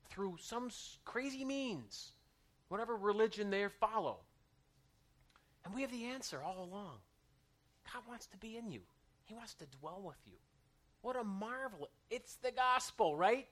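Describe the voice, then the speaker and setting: Male preacher, fairly high and animated, bright tone; chatty sermon with self-deprecating humor. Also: measured pace, long pauses. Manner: conversational, self-mocking humor with frequent "right?" asides.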